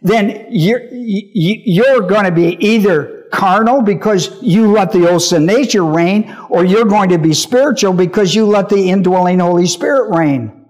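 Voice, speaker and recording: A man's voice: high-pitched, measured pace, darkish tone. A male pastor teaching a Bible lesson, emphatic, repeating key phrases and often asking whether listeners understand.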